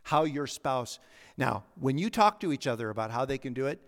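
Male pastor, middle-aged, earnest sermon, emphatic then soft, long hall reverb. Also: mid-range voice, animated, moderate pace. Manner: earnest, anecdotal, swings between emphatic and soft.

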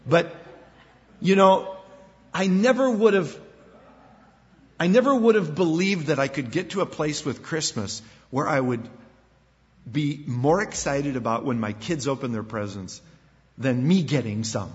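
An older man, a pastor, preaching a sermon in an animated way, acting out quoted voices and often repeating words. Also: on the high side, unhurried, long pauses. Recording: dull sound with long hall reverb.

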